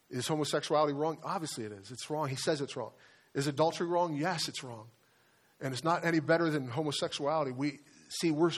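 Brief: male pastor, mid-pitched, earnest confessional sermon delivery, stumbles and restarts. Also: fairly bright tone. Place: church sanctuary.

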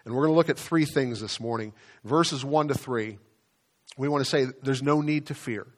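A man preaching a sermon as pastor, in a conversational way, often repeating words and slowing down to stress key phrases. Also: mid-range voice.

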